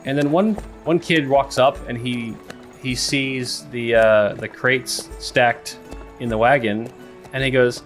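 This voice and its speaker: A man's voice: medium pitch, steady tone, slow, a bit bright, soft background music. A man narrating a tabletop game as game master, rambling with many fillers.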